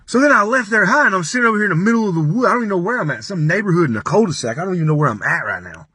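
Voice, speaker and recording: A young adult man telling a comic story in a rambling, profane, deadpan way. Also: sits high, very fast, hardly any pauses, husky, dry recording.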